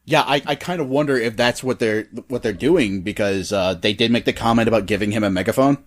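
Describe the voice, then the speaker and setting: A man's voice: on the low side, brisk. A man co-hosting a wrestling podcast in casual chat, enthusiastic and often repeating words as he starts a thought. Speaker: podcast co-host.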